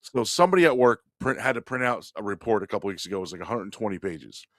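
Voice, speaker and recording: On a comedy podcast, a lowish-voiced male co-host tells a rambling story about a coworker at a fast clip. He's casual and animated, swears a lot, and laughs as he goes. The recording is dry and close.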